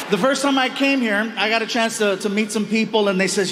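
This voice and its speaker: Animated man telling stories on stage. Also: sits high, brisk, hardly any pauses, noisy background. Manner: animated storytelling, acting out dialogue. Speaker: stand-up comedian. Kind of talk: stand-up comedy. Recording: reverberant hall with faint ambience. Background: audience laughter.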